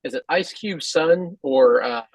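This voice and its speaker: A man co-hosting a podcast who talks in a halting, hesitant way with many restarts. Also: fairly high pitch, dry recording, poor audio. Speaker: podcast co-host. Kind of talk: casual podcast chat.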